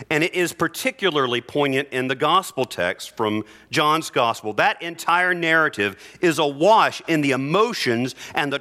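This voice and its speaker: A middle-aged man preaches a sermon from the altar of a church. His voice is bright and forward, moving from quiet, heavy sorrow to strong, insistent proclamation, with a conversational, heartfelt manner. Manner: earnest, heartfelt preaching that drops soft and low in grief and rises emphatic. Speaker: priest.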